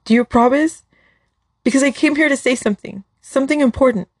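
A woman's voice: sits high, brisk, dry recording, clean studio sound, pitched above the performer's own voice. A woman reading as a pleading young man. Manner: pleading, voice breaking. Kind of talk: storybook dialogue read aloud.

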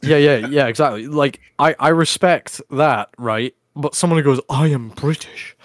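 A man's voice: medium pitch, moderate pace, no room sound, clean studio sound. A man hosting a casual podcast chat, rambling and provocative, often breaking into laughter.

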